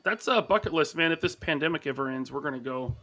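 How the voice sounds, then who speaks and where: A man's voice: a little high, expressive, fast, sharp tone. A man co-hosting a podcast in casual chat, teasing and joking. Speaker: podcast co-host.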